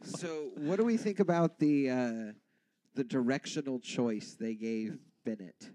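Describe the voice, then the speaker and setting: A man's voice: medium pitch, measured pace, warm tone, a little hiss or hum. A man co-hosting a casual movie podcast, chiming in with short, wry remarks. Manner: brief agreeing interjections, wry. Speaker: podcast co-host. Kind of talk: casual movie review chat.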